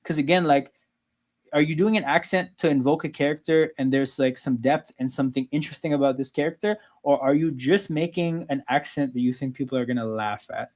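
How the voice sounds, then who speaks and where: Running a laid-back sports watchalong stream, a Canadian host speaks a little fast in a higher voice with a darkish tone. His delivery is loose and chatty, full of "like" and "right?"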